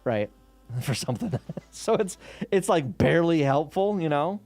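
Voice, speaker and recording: A man's voice: on the high side, animated, unhurried, darkish tone, faint music behind. Casual streamer man thinking aloud. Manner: rambling, swears and laughs often, many restarts. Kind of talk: casual live-stream chat while reverse engineering code.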